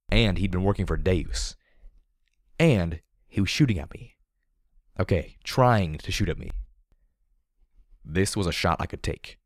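A man narrating first-person fiction in a steady, measured reading voice. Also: low-pitched, no room sound, clean studio sound. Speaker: audiobook narrator.

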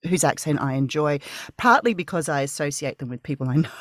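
A woman with a softened Australian accent, talking in a relaxed, playful way and laughing often. Her voice sits low and swings widely in pitch, and it sounds dry, with no room echo. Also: fast talker. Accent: Australian, softened by time in the UK. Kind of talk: casual podcast chat.

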